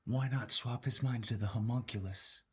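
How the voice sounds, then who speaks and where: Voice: medium pitch, moderate pace, roomy sound. A player in a tabletop game, wry and joking. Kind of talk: tabletop play.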